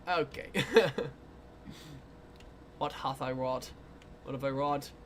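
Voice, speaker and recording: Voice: mid-range voice, takes it slowly, a little hiss or hum. An artist chatting casually on a livestream while drawing requests, rambling with lots of fillers, playful and self-mocking, often dissolving into giggles. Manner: rambling with many fillers, breaks into giggling fits.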